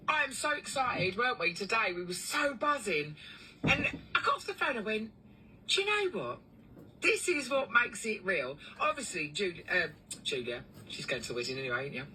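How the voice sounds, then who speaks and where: A woman who runs a cleaning business, telling a long story in a chatty, animated way with lots of fillers. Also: fairly high pitch, moderate pace, far from the mic, a little hiss or hum, poor audio. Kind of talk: casual storytelling vlog.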